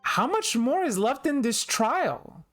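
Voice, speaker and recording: A woman's voice: high voice, big pitch swings, slow pace, soft background music. A young woman streaming a game, chatting casually and self-deprecatingly with her viewers. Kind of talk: casual chat while playing.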